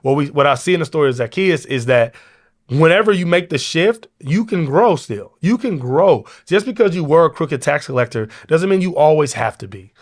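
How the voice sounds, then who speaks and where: A man's voice: a little high, lively intonation, moderate pace. A male podcast host giving a motivational leadership talk drawn from Bible stories, in an informal, preacher-like way, often checking in with "okay?". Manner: conversational, informal preaching with repeated restarts and "okay?" check-ins.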